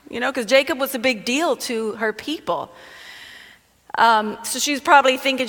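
A woman's voice: sits high, animated, moderate pace, fairly bright tone. A woman reading a Bible passage aloud and explaining it in a conversational, storytelling way. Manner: reads scripture then explains it conversationally. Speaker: Bible teacher. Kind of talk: sermon with scripture reading. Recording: long hall reverb.

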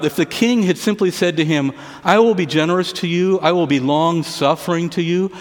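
Pastor preaching in an echoing hall. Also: male voice. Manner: retells a parable with asides, often dropping to a quiet low voice. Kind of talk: sermon. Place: church service.

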